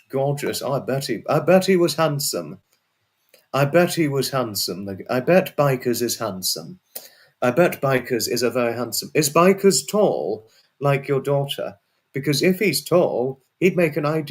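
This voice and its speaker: A man hosting a casual livestream and chatting with viewers. He rambles and repeats himself, and now and then breaks into a sweary outburst. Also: mid-range voice. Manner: rambling and repetitive, often restarts and repeats phrases. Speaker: livestream host. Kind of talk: casual livestream chat, answering viewers' messages.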